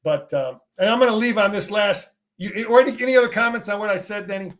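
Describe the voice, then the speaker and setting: This is a middle-aged man with a fairly high voice who has coached and played the game. He talks sports casually and with force, tripping over his own restarts and throwing in a mild curse to make a point. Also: fast talker, fairly bright tone. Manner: emphatic, repeats words and restarts, salty. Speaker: former player and coach, guest.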